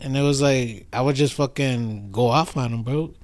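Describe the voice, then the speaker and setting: A man's voice: mid-range voice, normal speed, dry recording. A man in casual podcast talk, making his point hard and repeating "bro" and "like". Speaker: podcast guest. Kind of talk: casual chat.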